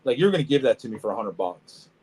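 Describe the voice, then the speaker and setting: A man co-hosting a casual podcast, telling animated stories about reptile shows, swearing freely and acting out what people said. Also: mid-range voice, quick pace, slightly rough. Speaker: podcast co-host, snake breeder. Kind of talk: casual storytelling chat.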